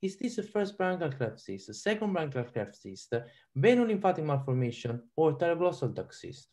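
Italian guy teaching over a video call, lively up and down voice, lots of ums, asks the class questions. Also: fairly high pitch, moderate pace. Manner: animated, quizzes audience with frequent ums and repeats. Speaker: radiology lecturer. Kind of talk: live online lecture.

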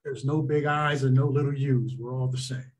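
A man appearing as a sports official guest, giving calm, measured advice in casual interview talk. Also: mid-range voice, husky.

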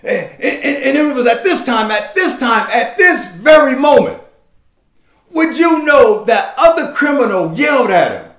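High-voiced, impassioned preacher in an echoing church. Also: male voice, expressive, takes it slowly. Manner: impassioned, repeating and stammering, building to shouts. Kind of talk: first-person dramatic sermon monologue. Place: church sanctuary.

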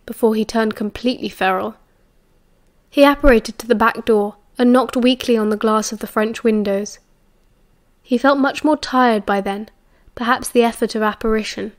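A woman's voice: on the high side, a little mellow. British woman narrating an audiobook. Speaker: audiobook reader.

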